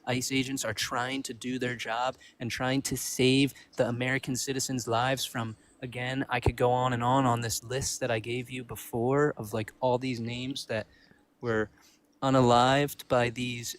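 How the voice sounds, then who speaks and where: Male debate guest, mid pitch, hesitant, rambling delivery. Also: level tone, unhurried. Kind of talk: livestream debate.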